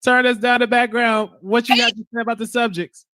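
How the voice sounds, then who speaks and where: A man hosting a call-in show, briskly reading caller numbers and prompting callers to go ahead. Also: very high voice, steady tone, pushed and bright, dry recording. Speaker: host.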